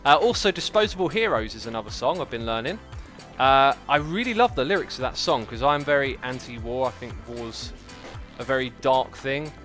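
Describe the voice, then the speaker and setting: Give me a male game streamer, chatty and jokey, with a bright, forceful voice. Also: medium pitch, brisk, faint music behind. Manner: rambling, chatty, lots of "like" and "uh"; excitable outbursts, playful and jokey. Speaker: livestream host playing a game. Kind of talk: casual gaming commentary.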